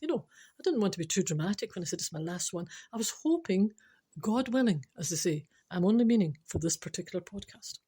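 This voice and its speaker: A woman's voice: mid-range voice, expressive, fast, dark tone, slightly rough. Chatty older Scottish woman telling jokes. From Scotland. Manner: chatty and rambling, laughs at her own jokes. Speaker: podcast host. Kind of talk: unscripted joke-telling podcast.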